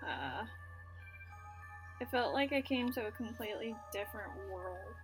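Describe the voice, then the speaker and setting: A woman's voice: medium pitch, big pitch swings, measured pace, music in the background. A woman playing a story game, reading its narration aloud and reacting casually, with filler words and swearing. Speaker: let's play gamer.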